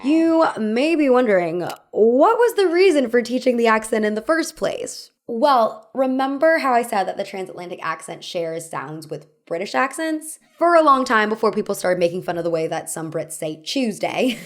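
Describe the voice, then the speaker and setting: A young woman hosting a scripted video essay, with a wry, conversational delivery and asides that make her laugh. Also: mid-range voice.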